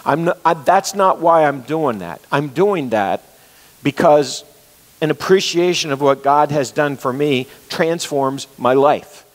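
A man's voice: a little high, animated, unhurried. A man preaching a sermon, earnestly retelling a story and repeating key phrases for emphasis. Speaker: pastor. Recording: long reverb of a large hall.

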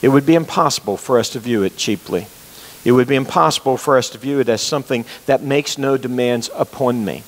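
A man's voice: medium pitch, a little fast. A man preaching a sermon, earnestly retelling a story and repeating key phrases for emphasis. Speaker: pastor. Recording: long reverb of a large hall.

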